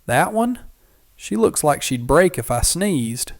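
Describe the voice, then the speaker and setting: A man's voice: mid-range voice, unhurried, darkish tone, no room sound, studio quality, natural voice. A man playing a sneering, growling drifter. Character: grimy sneering male drifter, cruel and contemptuous.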